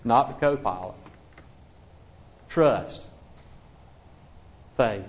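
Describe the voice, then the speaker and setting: A man's voice: lowish voice, slight background noise. A man preaching a sermon in a conversational, folksy way, often repeating himself as he restarts phrases. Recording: dull lo-fi recording.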